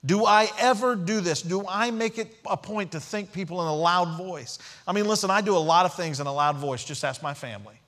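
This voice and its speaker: A man's voice: fairly high pitch, a little fast, few pauses, a bit bright. A man preaching a sermon as pastor, emphatic, repeating key phrases and asking rhetorical questions.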